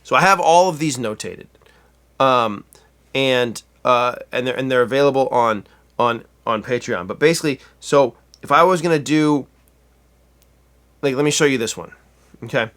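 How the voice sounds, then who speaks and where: A man's voice: medium pitch, normal speed, pauses often, a bit bright. A man giving a casual guitar lesson, chatty and self-correcting, counting beats aloud as he plays. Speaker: guitar teacher.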